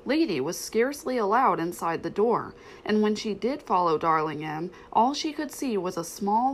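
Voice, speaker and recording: Woman narrator for a children's storybook, gentle, expressive. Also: mid-range voice, slight background noise. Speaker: storybook reader. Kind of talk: storybook read-aloud narration.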